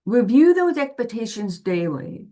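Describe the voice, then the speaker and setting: A woman's voice: fairly high pitch, sing-song, a little slow, mellow. A woman presenting to parents in a patient, explanatory way, walking through everyday examples. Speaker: parent guide presenting to families.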